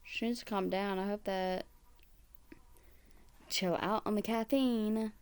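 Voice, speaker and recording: Slow-talking woman reacting bluntly. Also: mid-range voice, steady tone, darkish tone, clear, resonant tone. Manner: blunt, exasperated running remarks. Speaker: reaction video host. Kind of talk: casual commentary over a played video.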